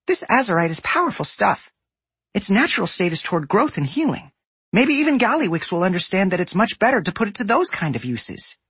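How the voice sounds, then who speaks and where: Man putting on a young goblin woman, naive, high and earnest, lively pitch, breathy husky tone, audiobook. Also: fairly quick, dry recording, exaggerated voice. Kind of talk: audiobook character voice.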